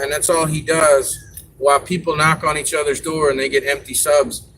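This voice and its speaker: A man's voice: on the high side, little pitch movement, moderate pace, background noise. A man hosting a live stream, chatting casually and giving advice, rambling a little with fillers.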